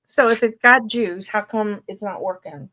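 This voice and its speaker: A woman co-hosts a relaxed live chat with a friend, her voice sitting at an ordinary middle pitch. She is easygoing and chatty, and now and then she breaks off to talk to someone nearby. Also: moderate pace, slight background noise. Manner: chatty and easygoing, talks to people off-camera between remarks. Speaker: co-host. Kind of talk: casual live-stream chat between friends.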